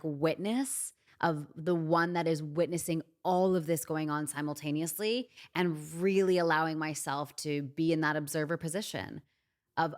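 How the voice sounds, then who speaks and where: Podcast guest, woman with a low voice, casual and thoughtful. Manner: reflective, calls her host "dude". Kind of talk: casual conversation.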